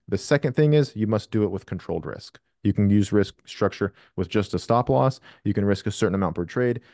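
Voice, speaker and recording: A man's voice: lowish voice, mellow, dry recording, clean studio sound. A man hosting a live trading question session over a video call, blunt and profane with emphatic explanations. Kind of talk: live Q&A coaching.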